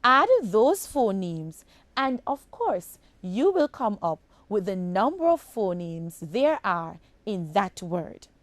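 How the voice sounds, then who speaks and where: Slow, lively-toned Jamaican woman teacher. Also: mid-range voice, dry recording. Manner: slow, deliberate, addresses children as boys and girls. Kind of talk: recorded phonics lesson for children.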